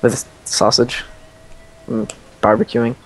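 A man's voice: mid-range voice, level tone, a little slow. A young man hosting a multiplayer strategy game session, rambling and joking in casual banter. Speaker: let's play host.

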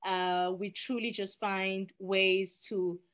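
Give me a lively South African woman chatting as a podcast guest, mid-pitched and expressive. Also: slow pace. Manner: lively and expressive, frequent laughs and restarts. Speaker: podcast guest, nonprofit director. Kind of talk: casual interview chat.

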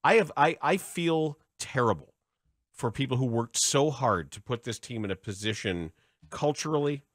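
A man's voice: mid-range voice, expressive, normal speed, no room sound. A man co-hosting a sports talk radio show in a studio, sardonic and impassioned.

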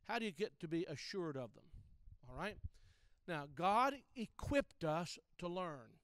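Male preacher, high and resonant, teaching sermon, emphatic repetition, close dry mic. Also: big pitch swings, measured pace, fairly bright tone, clean tone, dry recording. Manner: emphatic, repeats key phrases, addresses listeners directly.

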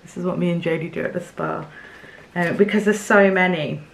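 A young woman from England unboxing gifts in her home craft studio, chatty and excitable, with fillers and little laughs. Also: fairly low pitch, brisk, gravelly. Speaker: craft vlogger. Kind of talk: casual unboxing chat to camera.

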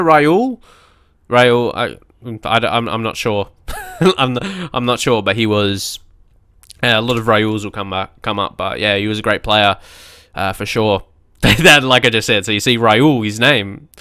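A young man, giving casual, excitable commentary on a football management game and often laughing at himself. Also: medium pitch, clear, resonant tone, no room sound, clean studio sound. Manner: excitable, quick to shout at match moments, laughs at himself. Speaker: gaming YouTuber.

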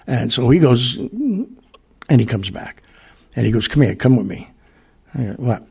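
Gravelly, husky man rambling through a story. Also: mid-range voice, very animated, measured pace, darkish tone. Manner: rambling, many fillers and restarts, quotes others. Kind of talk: casual anecdote telling.

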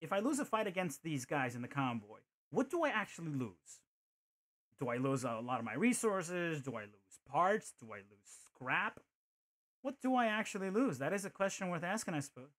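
Male game streamer, animated and jokey, thinks aloud; somewhat high voice. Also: moderate pace. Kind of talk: casual gameplay commentary.

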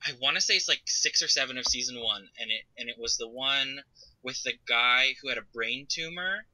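A woman co-hosting a podcast in casual chat, adding animated asides. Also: very deep voice, brisk, no room sound, low-quality recording. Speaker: podcast co-host.

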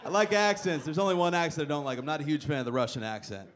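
A man's voice: fairly high pitch, very fast, fairly bright tone. A man doing a stand-up set on a comedy club stage, brash and teasing the crowd with punchlines. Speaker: stand-up comic. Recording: live club recording with crowd noise. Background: audience noise and laughter.

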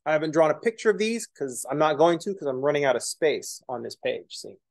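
A man with a fairly high voice gives a casual math lecture. He explains step by step and keeps breaking into joking, self-deprecating asides. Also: sing-song, a little fast, creaky, a little mellow. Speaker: math instructor.

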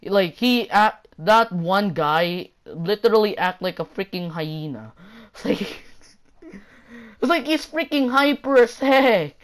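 A woman's voice: medium pitch, lively intonation, slow. A woman ranting in a casual vlog, rambling and exasperated, packed with fillers and repetition. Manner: exasperated, mocking. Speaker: YouTuber.

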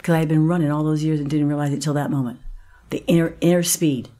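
A woman's voice: sits low, steady tone, quick pace, mellow. A woman, a guest actress on a podcast, telling a personal story vividly, acting out the other voices and dropping to a whisper at times.

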